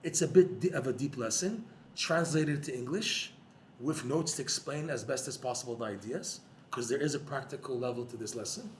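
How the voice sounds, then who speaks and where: A man giving a lively Torah class to a live audience, joking and using Hebrew terms. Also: mid-range voice, fairly quick, a little hiss or hum. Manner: animated, jokey, uses Hebrew terms. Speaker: Torah teacher.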